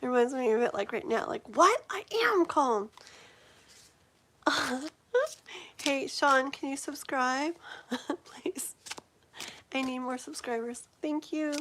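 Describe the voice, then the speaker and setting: A woman in her forties with a slightly high voice hosts a live tarot stream. She chats loosely and rambles, scattering fillers and giggles as she talks to her viewers. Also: steady tone, takes it slowly, long pauses, fairly bright tone, a little hiss or hum. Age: 40s. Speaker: tarot reader hosting a livestream. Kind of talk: casual livestream chat.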